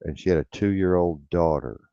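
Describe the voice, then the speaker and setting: A man's voice: low voice, normal speed, mellow, no echo. An older man telling a rambling, blunt and profane story in casual talk, repeating himself as he goes. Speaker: radio show host. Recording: dull lo-fi radio sound.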